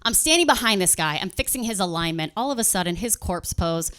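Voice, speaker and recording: A young woman doing stand-up comedy on stage in front of a live audience. She tells a story and acts out customers and bosses in quick quoted voices. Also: mid-range voice, lively intonation, a bit bright, clean tone.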